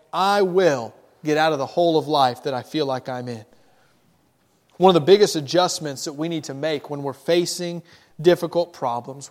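A man preaching a sermon as pastor, earnest and emphatic, slowing down to stress key phrases. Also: a little high. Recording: long hall reverb.

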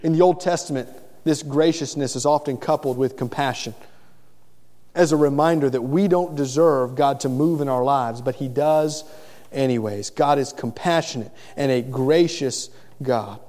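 A middle-aged pastor with a mid-range, slightly mellow voice preaches earnestly at a moderate pace, often repeating the first word of a phrase before continuing. The long reverb of a large hall surrounds the recording.

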